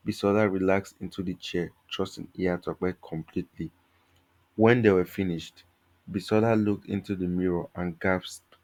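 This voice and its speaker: A man reads a folktale aloud at a steady, measured pace. His very low, deep voice carries the story like a calm narrator by the fire.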